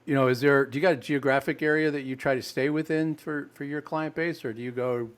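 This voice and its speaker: A man's voice: mid-range voice, fairly even intonation, fairly quick, clean tone. Midwestern man hosting a chatty podcast. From American Midwest. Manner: friendly, chatty questions with fillers. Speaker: podcast host. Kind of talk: casual interview chat.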